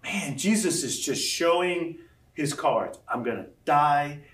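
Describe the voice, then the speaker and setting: Standing far from the microphone, a male pastor preaches slowly in a fairly high voice that echoes around a large room with an audience. He is lively and acts out the scripture quotes he reads.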